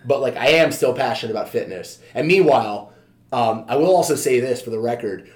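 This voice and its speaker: Candid man telling a personal story. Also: medium pitch. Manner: candid, heavy filler use, swears casually. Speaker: podcast guest, fitness trainer. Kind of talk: casual conversational storytelling.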